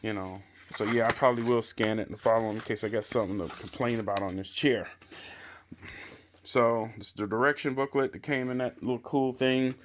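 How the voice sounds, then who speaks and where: A man's voice: medium pitch, fairly even intonation, brisk, slight background noise. Chatty man rambling through a chair assembly. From Chicago area. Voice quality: rambling, chatty, hedges a lot with "I guess" and "you know". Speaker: product reviewer. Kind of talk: casual unscripted product review. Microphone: handheld camera mic.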